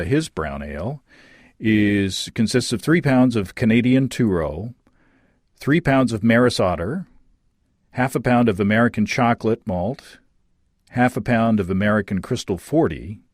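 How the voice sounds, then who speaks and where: A podcast host with a fairly low voice reads listener letters in a casual chat, full of fillers, laughter, and restarts. He sounds lively, and the audio is clean studio sound without echo.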